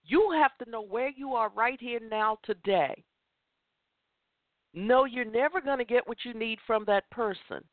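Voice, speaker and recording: A woman's voice: fairly high pitch, unhurried, no echo. Impassioned woman over a tinny phone line. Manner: impassioned, emphatic, repeats phrases for force. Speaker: host of a women's chat show. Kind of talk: motivational talk.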